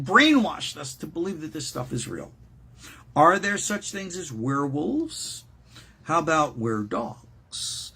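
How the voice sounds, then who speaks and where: A man's voice: sits high, slightly rough. An older man hosting a show, chatting casually and joking around, often repeating words as he gets going. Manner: playful, jokey, repeats words when excited. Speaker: host.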